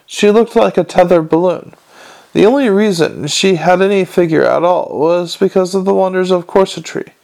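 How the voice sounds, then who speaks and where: A male audiobook narrator telling the story with dry, wry delivery. His voice is gravelly with vocal fry and pitched a bit above the usual male range. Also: moderate pace, darkish tone. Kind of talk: scripted narration.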